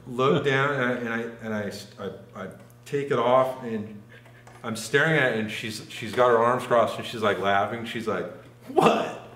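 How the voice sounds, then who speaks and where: A man's voice: mid-range voice, moderate pace, a bit bright. A man telling a long personal story in casual chat, rambling and full of fillers. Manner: rambling, filler-heavy, frequent "like". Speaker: podcast guest telling a story. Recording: echoey room.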